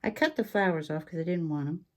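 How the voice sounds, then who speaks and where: A woman hosting a relaxed craft show-and-tell, chatty and rambling, with frequent ums and asides. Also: on the low side, fast talker. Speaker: craft channel host.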